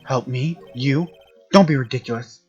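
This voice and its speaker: A man voicing a cold, arrogant male prosecutor in a cool, condescending tone, a little lower than his usual voice. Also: normal speed, breathy edge, lo-fi sound, soft background music, natural voice.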